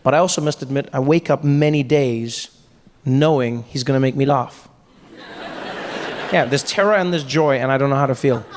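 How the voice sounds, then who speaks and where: Audience noise and live hall reverb surround a South African man doing a stand-up set on a large hall's stage. Medium-pitched and moderately paced, he tells stories with animation and acts out voices.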